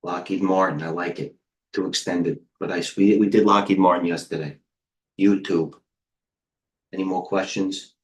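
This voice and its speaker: A middle-aged American man hosting a live trading stream, excitable and rambling, jumping between stocks with quick quips. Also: deep voice. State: out of breath. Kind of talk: live market commentary.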